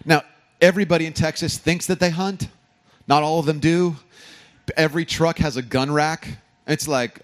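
A man, a pastor from California, preaching a sermon with humorous stories and animated emphasis. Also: fairly high pitch, moderate pace. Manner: storytelling, joking asides, animated emphasis.

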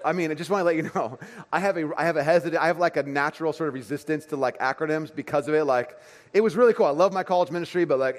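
Pastor preaching to a church crowd, male voice on the higher side, animated and conversational, long hall reverb. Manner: animated storytelling, swings between loud and hushed. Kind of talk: sermon.

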